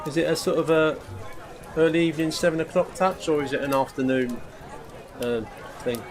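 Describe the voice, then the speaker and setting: A man's voice: a little high, steady tone, normal speed, a little mellow. A man hosting a live stream in a casual, rambling way, chatting with his viewers, calling them mate and often losing his thread. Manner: forgetful, loses his thread.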